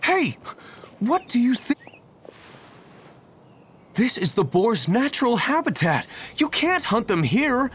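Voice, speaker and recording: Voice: medium pitch, very animated, slow, long pauses, a bit bright, slight background noise. An actor voicing a stern young hunter in a video game, scolding and firm about the rules of the hunt. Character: stern young hunter guarding the boars' habitat. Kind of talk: game cutscene voice acting.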